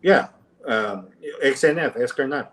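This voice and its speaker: A man's voice: expressive, measured pace. Male podcast guest, rambling anecdotal delivery, distant and roomy. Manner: rambling, full of fillers, acts out quoted lines in a higher voice. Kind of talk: casual storytelling. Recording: roomy and off-mic.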